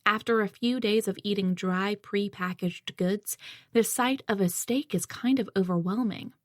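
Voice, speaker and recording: A woman's voice: medium pitch, normal speed, dry recording, studio quality. Woman narrating a first-person audiobook.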